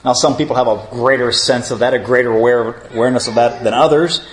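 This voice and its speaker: A man's voice: medium pitch, steady tone, quick pace. A man leading a theology class, opening in prayer and then lecturing earnestly, calling his listeners friends. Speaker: Bible teacher.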